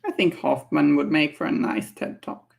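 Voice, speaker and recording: A woman's voice: deep voice, normal speed, creaky, a little mellow. A woman painting miniatures on a livestream, chatting casually, laughing often and musing aloud as she works. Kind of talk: casual chat while painting.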